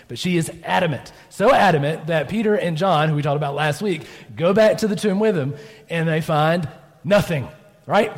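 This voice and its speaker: Male pastor, conversational storyteller, acts out the dialogue, slightly high voice, church reverb. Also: moderate pace. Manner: conversational storytelling, acts out quotes, frequent "right?". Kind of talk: sermon. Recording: long reverb of a church hall.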